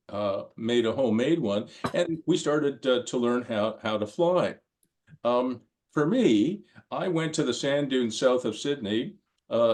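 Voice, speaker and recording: A man's voice: mid-range voice, darkish tone. Older man giving a rambling lecture. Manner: rambling storyteller, frequent ums and restarts. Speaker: course lecturer. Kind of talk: conversational lecture with anecdotes.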